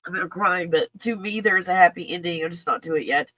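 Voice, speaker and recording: A woman talking in an emotional, halting casual monologue, breaking off with sighs and soft laughs. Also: lowish voice, dry recording, low-quality recording. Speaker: channel host.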